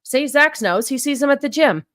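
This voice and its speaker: A woman hosts a casual podcast chat in a fairly high voice, stopping to repeat words as she works out what she thinks. Her voice sits close and dry on the mic. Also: expressive, moderate pace, fairly bright tone, no echo. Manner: hesitant, repeats words while thinking aloud. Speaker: podcast host.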